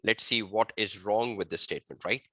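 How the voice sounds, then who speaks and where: A male audit tutor giving an online exam-prep lecture, repeating key phrases and quizzing his listeners, slowing to a dictation pace to state the rules. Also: lowish voice, sharp tone, husky, no room sound. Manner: slow dictation-like delivery when stating rules. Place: webinar.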